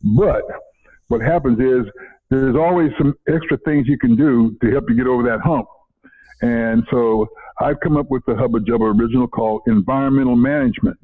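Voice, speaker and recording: A man's voice: mid-range voice, normal speed, slightly rough. An older man, a retired educator telling stories in an interview, repeating himself and chuckling. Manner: rambling, repeats words, chuckles often. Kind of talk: casual interview storytelling. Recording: phone-like narrow audio.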